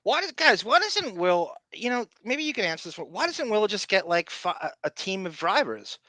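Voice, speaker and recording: Sarcastic Philadelphia-accented podcast host. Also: male voice, high-pitched, very animated, normal speed, sharp tone, no room sound, low-quality recording. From Philadelphia area. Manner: sarcastic, riffing. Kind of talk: casual commentary on show clips.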